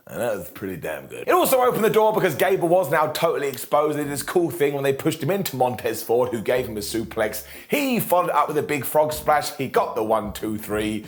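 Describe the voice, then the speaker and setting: A man reviewing a wrestling show in a joking, sarcastic way, often quoting people in mock voices. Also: medium pitch. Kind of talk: animated wrestling recap.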